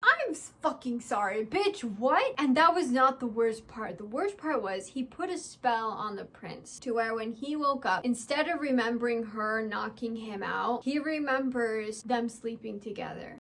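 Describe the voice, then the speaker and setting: A young woman talks through a book review in a casual, blunt way, with a slightly higher voice. She is sarcastic, swears freely and leans on "like" as she acts out characters' lines from the scenes she retells. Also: animated, unhurried, hardly any pauses, fairly bright tone.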